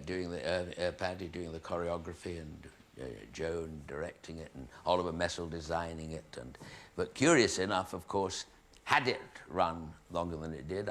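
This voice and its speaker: A man's voice: sits low, fairly bright tone. A man in his sixties, a comedian telling rambling stage anecdotes with chatty asides and hesitations to a live audience. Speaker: comedian host.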